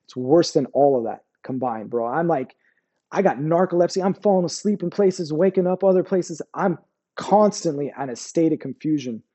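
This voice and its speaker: A man's voice: a little high, animated, normal speed, mellow. Blunt, profane army veteran man. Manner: blunt and profane, peppered with "bro" and "like". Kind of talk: casual interview storytelling.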